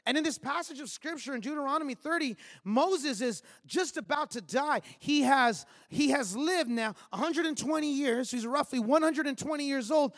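A pastor in his thirties preaches with a strikingly high voice, telling stories and tossing in emphatic little asides to the congregation. His sermon rings out with the long reverb of a large hall. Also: normal speed, hardly any pauses, fairly bright tone. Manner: storytelling, conversational, emphatic asides.

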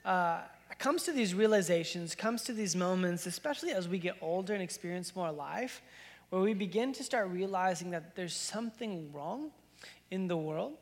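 High-voiced pastor in an echoing hall. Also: male voice, animated, moderate pace. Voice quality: casual, filler-heavy storytelling with many "like"s. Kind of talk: sermon with personal story. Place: church sanctuary.

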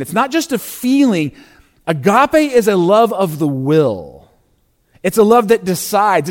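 A male pastor preaching a sermon, reading scripture aloud and stressing key words with dramatic pauses and bursts of intensity. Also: sits high.

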